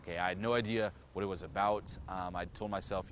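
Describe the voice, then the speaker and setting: Deep-voiced man, frank and profane. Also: fairly even intonation, a little fast, a bit bright, slight background noise. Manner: frank and profane, heavy on "you know" fillers; earnest, direct address to viewer. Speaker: self-improvement vlogger. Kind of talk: candid personal storytelling to camera.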